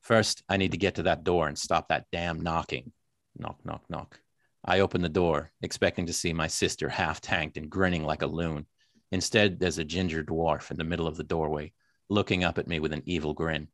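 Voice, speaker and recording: A weary, hardboiled narrator tells his story in a slow, lowered American drawl, as an Australian man puts on the accent. The delivery is deliberate and noir-flavoured. The sound is close and dry. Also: fairly even intonation, dry recording. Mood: wry. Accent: American, put on by an Australian. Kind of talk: reading a novel aloud.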